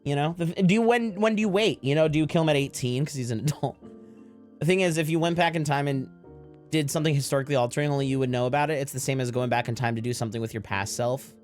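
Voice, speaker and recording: A man's voice: on the high side, fast talker, darkish tone, faint music behind. A young man live streaming, chatting casually and profanely with his viewers, rambling from joke to joke with frequent laughter.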